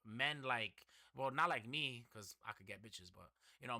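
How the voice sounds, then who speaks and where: A man's voice: mid-range voice, measured pace, hardly any pauses, sharp tone. A young man from the Bronx, hosting a casual podcast chat, acting out dialogue and swearing freely as he tells stories. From the Bronx, New York. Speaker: podcast host.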